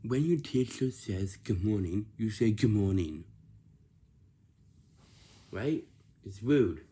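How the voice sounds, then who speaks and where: A man's voice: lowish voice, lively intonation, unhurried, mellow, husky. A man talking casually to camera, lecturing about lazy and rude behaviour and repeating himself often. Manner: repetitive, lecturing about manners.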